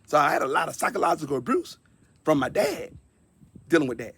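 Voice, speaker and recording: A man in his fifties shares a personal testimony in an earnest, conversational monologue. His voice is gravelly and husky and sits a little high for a man. He often repeats words to press a point home. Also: sing-song, a little fast, fairly bright tone, dry recording. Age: 50s. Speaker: speaker sharing a personal testimony.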